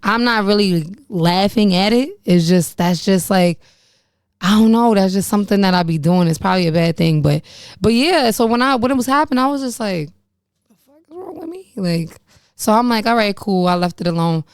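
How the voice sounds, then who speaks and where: A woman's voice: medium pitch, a little fast, smooth, no echo, studio quality. A young woman hosting her own podcast, telling her personal story candidly and frankly, swearing and laughing about painful memories. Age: young adult. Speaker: podcast host.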